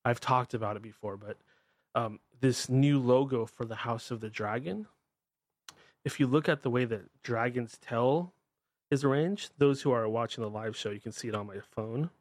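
A podcast host with a Pacific Northwest American accent rants bluntly and irreverently in a monologue on his show. He has a mid-range voice, talks at normal speed, and there's no echo.

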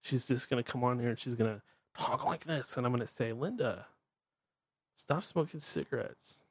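Blunt profane host with Northwest accent. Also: male voice, mid-range voice, level tone, fast, no echo. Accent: Pacific Northwest American. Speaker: podcast host. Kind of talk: ranting monologue.

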